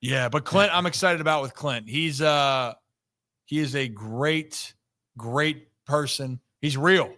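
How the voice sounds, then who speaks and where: A man hosting a live sports talk show, talking in an energetic, animated way and teasing his co-host. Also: medium pitch, slow.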